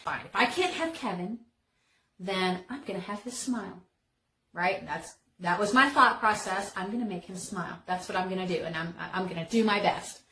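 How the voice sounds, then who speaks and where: A woman hosting a storytelling vlog, telling a childhood story in a casual, animated way, full of fillers and dramatic turns. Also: medium pitch, moderate pace. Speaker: storytelling vlogger. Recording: echoey room with faint noise.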